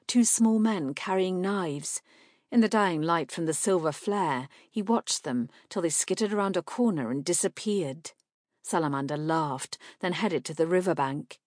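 Brief: woman audiobook narrator, lowish voice, steady and measured, dry close recording. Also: no echo. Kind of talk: scripted fantasy narration.

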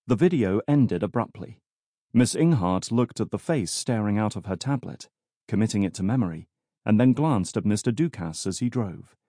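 A man narrating an audiobook in measured, scripted storytelling. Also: on the low side, dark tone, no echo. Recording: dry studio recording.

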